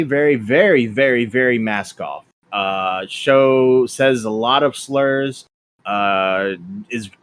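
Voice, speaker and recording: A man hosting a casual podcast, talking quickly and offhandedly with fillers and crude humor. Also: mid-range voice. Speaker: podcast host. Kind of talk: casual podcast chat, reading messages aloud.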